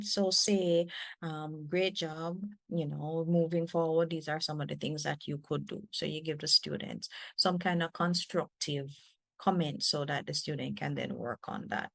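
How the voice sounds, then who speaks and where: A woman faculty developer with a Jamaican accent, giving a lively training talk to teachers with emphatic, repeated phrases. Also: on the low side, gravelly, no echo. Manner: animated, emphatic, repeats words.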